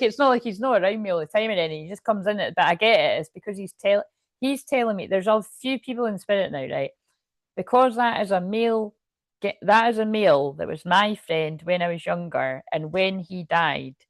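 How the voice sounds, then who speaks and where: Scottish lady doing a tarot reading, rambly and sweary, lowish voice, dry sound. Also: moderate pace, dry recording. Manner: rambling, chatty, swears freely, laughs often. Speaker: tarot reader. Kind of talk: casual tarot reading to camera.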